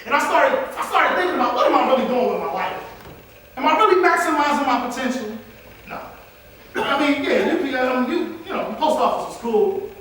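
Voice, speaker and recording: Speaking in a very high, bright, forceful voice, a motivational speaker talks briskly and with lots of animation, preaching and calling out to the crowd. He's recorded from far away in an echoey large hall with faint noise.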